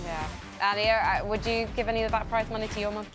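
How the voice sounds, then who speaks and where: British woman, studio presenter, mid-pitched, chatty, faint music underneath. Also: fast talker. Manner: chatty, expressive.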